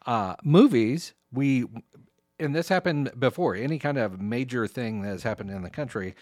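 A man co-hosts a podcast, chatting casually and teasing his co-host. His voice is mid-range and darkish at a moderate pace, recorded in studio quality with no echo.

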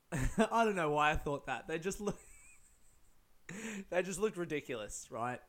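A man's voice: on the high side, lively intonation, unhurried, a bit bright. A young man telling a rambling, swear-filled story, full of fillers and laughs. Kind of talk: casual storytelling.

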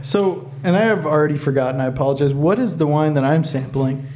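Mellow, higher male co-host in a roomy room. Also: a little fast. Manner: friendly, self-deprecating. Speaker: podcast co-host. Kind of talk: casual interview questions. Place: winery tasting room. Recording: roomy tasting room, faint hum.

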